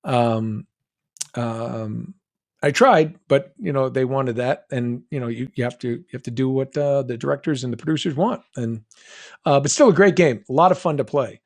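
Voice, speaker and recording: An American guest voice actor with a General American accent and medium pitch answers fan questions on a live stream Q&A, reading chat questions aloud. He's chatty and joking, with quick asides and restarts.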